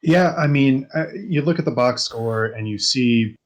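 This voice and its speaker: A man on a football podcast, walking through the box score in a measured way and pausing with fillers as he thinks. His tone is calm and analytical. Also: mid-range voice. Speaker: podcast co-host. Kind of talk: casual sports analysis.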